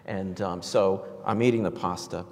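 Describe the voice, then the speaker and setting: A man's voice: low voice, fairly even intonation, moderate pace, darkish tone, long reverb tail. A man from New York giving a storytelling homily in a conversational, reflective way, with frequent fillers and restarts. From New York, USA. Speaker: preacher.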